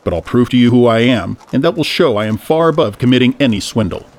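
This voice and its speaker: A man's voice: medium pitch, animated, fast, close to an everyday voice. A man voicing a portly, pompous older tycoon who blusters when offended. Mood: hearty.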